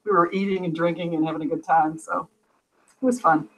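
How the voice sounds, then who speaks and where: A woman's voice: fairly low pitch, steady tone, a little fast, low-quality recording. A woman on a casual chat as a guest, rambling and laughing often. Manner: giggly, rambling.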